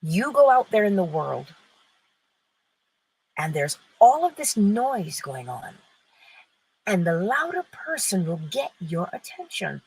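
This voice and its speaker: A woman's voice: mid-range voice, very animated, takes it slowly, pauses often, darkish tone, husky, poor audio. A woman hosting an inspirational talk, speaking emphatically and posing rhetorical questions that she answers herself. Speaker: host.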